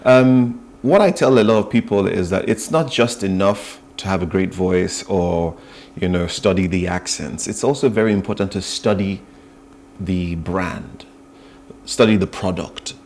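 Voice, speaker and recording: A middle-aged man from Nigeria, a voice-over artist, speaking in a measured, thoughtful way with pauses in a morning TV interview. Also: low-pitched, a little mellow, slight background noise.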